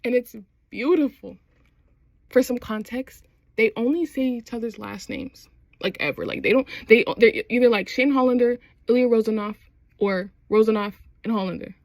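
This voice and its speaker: A woman's voice: a little high, normal speed, dry recording. A young adult woman in casual chat, recapping a TV show with slangy phrasing and frequent laughs. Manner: chatty, slangy, laughs often while recapping. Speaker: vlogger.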